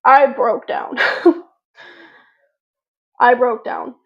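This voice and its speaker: A fairly high-voiced woman talks slowly through a personal story for her channel. She rambles, loops back and restarts her sentences. The recording is dull and lo-fi. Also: steady tone. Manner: rambling, filler-heavy, frequent restarts. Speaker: vlogger. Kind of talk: casual storytelling to camera.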